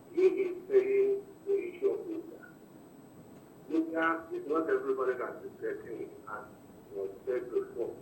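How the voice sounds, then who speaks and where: A Nigerian man with a Nigerian English accent calling in to a radio show, pressing his complaints in an earnest, halting way. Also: medium pitch. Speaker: radio caller. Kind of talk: phone-in complaint. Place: calling in by phone. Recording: distant echoey phone line with faint noise.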